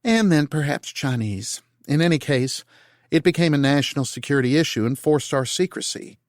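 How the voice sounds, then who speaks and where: A male narrator voicing a female senator who gives a measured, formal briefing. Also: a little high, animated, no room sound, studio quality. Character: brisk female senator leading a secret briefing.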